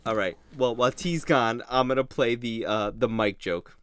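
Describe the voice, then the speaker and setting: A man's voice: mid-range voice, normal speed, clear, resonant tone. A man hosting a podcast in casual chat, eagerly retelling favorite jokes. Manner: enthusiastic, animated retelling of jokes. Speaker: podcast host.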